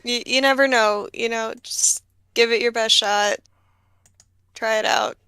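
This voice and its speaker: A woman with a somewhat high, bright and smooth voice, speaking slowly and recorded dry and close. She co-hosts a live draft stream in a playful, chatty way, tossing in quick remarks. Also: steady tone, no room sound. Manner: playful, quick interjections, laughs often. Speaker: co-host. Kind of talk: casual livestream chat.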